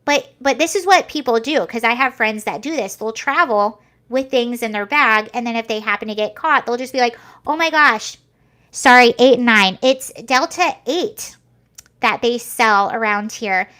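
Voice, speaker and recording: Chatty young woman vlogger, higher voice. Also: moderate pace, bright, forceful tone. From United States. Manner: chatty, rambling, many fillers and restarts. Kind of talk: casual commentary to camera.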